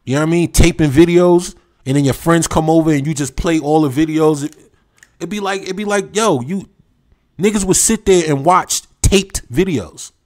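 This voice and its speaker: A man's voice: a little high, normal speed. Slangy New man on a livestream. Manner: animated, slangy, reminiscing, talks straight to viewers. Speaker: livestream host. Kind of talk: casual livestream chat.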